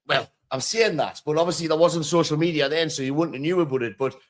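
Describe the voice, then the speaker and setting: A man's voice: on the high side, fast. A man hosting a casual interview, plain-spoken, with frequent ums. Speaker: podcast host.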